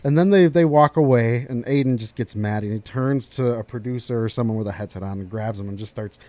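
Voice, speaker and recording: A man's voice: mid-range voice, a little fast. A man co-hosting a podcast, recapping a wrestling storyline in casual chat and acting out the quotes. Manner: animated storyteller, acts out quotes. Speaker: podcast co-host.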